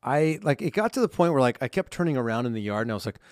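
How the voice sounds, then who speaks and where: A man's voice: medium pitch, animated, very fast, darkish tone, no room sound. Man, 40s, podcast co-host, easygoing storyteller, dry close-mic sound. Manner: chatty storyteller, many fillers like "like". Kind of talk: casual chat.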